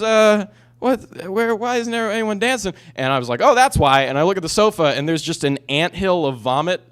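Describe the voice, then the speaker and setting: A man's voice: medium pitch, fairly bright tone. A man in his twenties doing a stand-up comedy set, telling a rambling story with lots of restarts and asides. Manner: rambling, self-interrupting storytelling.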